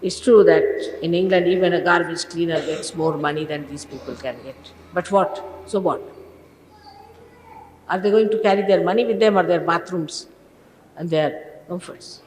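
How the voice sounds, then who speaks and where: A woman's voice: on the low side, normal speed, a little mellow, a little hiss or hum. Older woman, spiritual teacher, stern emphatic sermon, rhetorical questions; roomy hall reverb, old archive tape. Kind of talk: informal sermon to followers.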